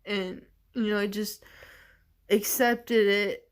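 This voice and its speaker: A woman shares a deeply personal story on her vlog at an unhurried pace. She talks in a halting, searching way, filling pauses with "like" and "you know." Her tone is earnest and emotional. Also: steady tone, clear, resonant tone. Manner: halting and searching, heavy use of "like". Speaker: vlogger.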